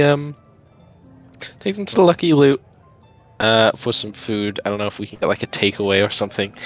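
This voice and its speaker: A man takes part as a player in a tabletop role-playing session. His voice sits fairly low, and he talks in a hesitant, casual way, pausing and restarting often. Faint music runs underneath. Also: a bit bright. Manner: hesitant, with many fillers and restarts. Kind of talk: casual tabletop game talk.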